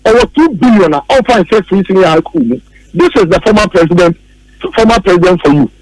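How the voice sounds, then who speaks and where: A man's voice: high-pitched, animated, a little fast, dry recording, poor audio. A man with a Ghanaian English accent giving heated political commentary on the radio, emphatic and repeating his key phrases.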